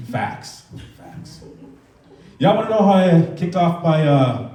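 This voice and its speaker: A man's voice: a little high, big pitch swings, a little slow, mellow. A man in his thirties doing a loose, conversational stand-up set on a comedy club stage, acting out voices, with audience laughter behind him. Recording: roomy club sound from far off.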